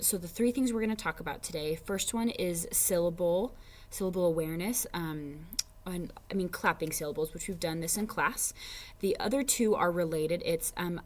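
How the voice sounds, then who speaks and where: Chatty woman teacher, casual and filler-heavy. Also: fairly low pitch. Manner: casual, many fillers, slows and stresses sounds when modeling words. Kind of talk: parent education talk.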